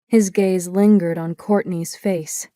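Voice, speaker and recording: A woman's voice: lowish voice, steady tone, warm tone, no room sound. Woman narrating an audiobook, dry and close. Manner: measured, descriptive storytelling. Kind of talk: first-person audiobook narration.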